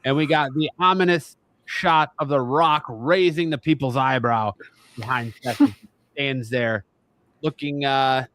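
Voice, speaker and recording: A man's voice: medium pitch, measured pace, a little hiss or hum. A man hosting a wrestling podcast, running through news and teasing his co-hosts. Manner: teasing, animated rundowns. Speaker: podcast host. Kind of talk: casual wrestling chat.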